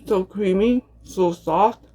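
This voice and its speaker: A woman hosting a mukbang, chatting casually between bites with relaxed, unhurried murmurs of enjoyment. She talks from her home apartment. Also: medium pitch, breathy edge. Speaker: mukbang host. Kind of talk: casual ASMR eating chat.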